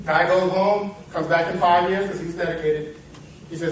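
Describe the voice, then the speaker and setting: A man's voice: sits high, expressive, normal speed, long pauses, distant mic, slight background noise. A man giving a motivational seminar talk, telling a parable in a rambling way with playful asides. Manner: rambling storyteller, self-interrupting, playful asides. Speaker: seminar speaker. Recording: echoey hall, picked up from afar.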